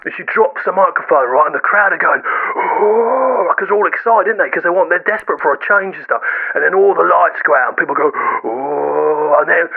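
A man calling into a radio show, rambling excitedly through a long story and acting out the crowd noises. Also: high-pitched, fast, vocal fry. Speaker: caller. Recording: tinny phone line.

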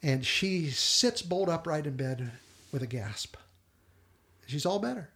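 A man co-hosting a podcast, animatedly retelling a TV episode and quoting the characters in quick little voices. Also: fairly high pitch. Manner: animated storyteller, quotes characters in brief voices, laughs often. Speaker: podcast co-host.

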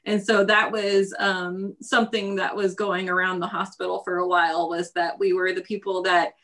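A woman's voice: fairly low pitch, flat delivery, moderate pace, fairly bright tone. A woman guest telling her own story in a casual interview, laughing often as she talks.

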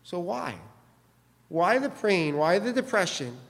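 High-voiced preacher in an echoey hall. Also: male voice, sing-song, takes it slowly, gravelly. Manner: preaching with many rhetorical questions. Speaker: pastor. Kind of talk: sermon.

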